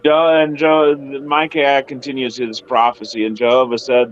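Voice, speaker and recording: A man's voice: medium pitch, level tone, moderate pace, few pauses, lo-fi sound, a little hiss or hum. Man retelling scripture with acted quotes. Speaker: Bible study host. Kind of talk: casual Bible discussion.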